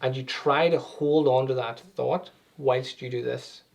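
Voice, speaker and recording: A man's voice: medium pitch, fairly even intonation, measured pace, gravelly, darkish tone. A man, an anxiety and meditation coach, explaining things conversationally with everyday examples as an interview guest.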